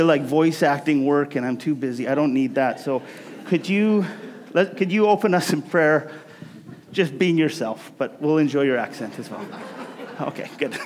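A man leading a casual, joking talk to his church congregation as its pastor. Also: on the high side. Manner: chatty, joking, self-interrupting.

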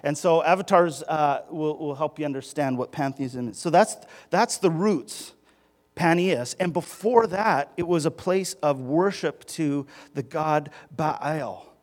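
A man's voice: fairly high pitch, unhurried, darkish tone. A male pastor giving a sermon in a conversational style, with restarts and emphatic rises.

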